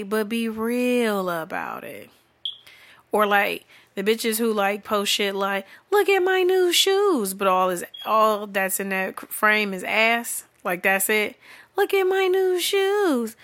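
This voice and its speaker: A woman's voice: mid-range voice, bright, forceful tone. A woman ranting bluntly and profanely in an unscripted comedic monologue, sounding exasperated and often laughing. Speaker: vlogger.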